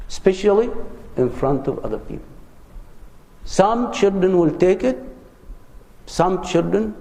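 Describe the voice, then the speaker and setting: A man's voice: on the high side, gravelly, mellow. Man lecturing in an echoey hall. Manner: earnest, conversational, shares personal anecdotes. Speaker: religious teacher. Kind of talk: lecture on parenting. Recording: roomy hall with long reverb.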